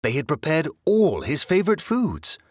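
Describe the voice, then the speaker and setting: Male storybook reader, expressive bedtime read, very animated pitch, dry. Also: moderate pace, dry recording. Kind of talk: children's storybook read-aloud.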